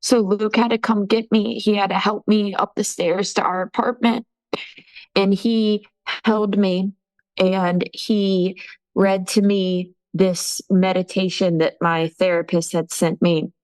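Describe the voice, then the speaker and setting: A woman in tears, telling a painful personal story in halting speech full of pauses and restarts. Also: mid-range voice, steady tone, a little mellow, low-quality recording. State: crying. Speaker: interviewee telling her story. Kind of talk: emotional personal testimony.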